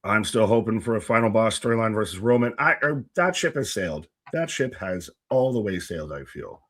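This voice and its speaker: A man's voice: on the low side, expressive, fairly quick, no echo, studio quality. A man co-hosting a casual live wrestling stream, joking and reading out viewers' names from the chat. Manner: jokey, reads out chat names and shout-outs. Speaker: co-host of a live wrestling watch-along stream.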